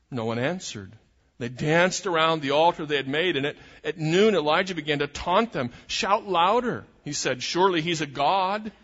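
A man preaching a sermon, retelling a scripture story in an animated storytelling way. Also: medium pitch. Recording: muffled recording in a reverberant hall.

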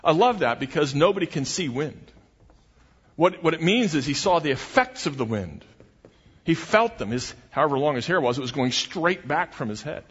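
A man's voice: on the high side, animated, moderate pace, fairly bright tone, breathy edge. A man preaching a sermon as pastor, earnest and emphatic, often restarting his phrases. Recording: dull recording with long hall reverb.

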